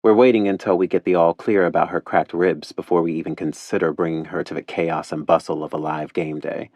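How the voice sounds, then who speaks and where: Male first-person audiobook narrator, low voice, dry studio sound, playful and wry. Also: fairly even intonation, a little fast, a little mellow, dry recording.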